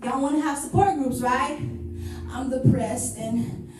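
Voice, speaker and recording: A woman delivers a sermon, her high voice full of mocking asides as she acts out the people she criticizes. She is heard from a distance in a hall with heavy echo, and music plays behind her. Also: unhurried. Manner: sarcastic, switches into mock voices of churchgoers. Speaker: preacher. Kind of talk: sermon with mocking role-play.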